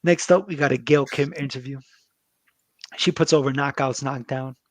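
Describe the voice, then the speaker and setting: A man talks through a wrestling episode in loose, profane podcast banter. His voice sits at an ordinary middle pitch and sounds dry and close to the mic, with no room around it. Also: fairly even intonation, moderate pace, dry recording. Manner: loose and profane, with frequent fillers and laughs. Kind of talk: casual chat recapping a wrestling show.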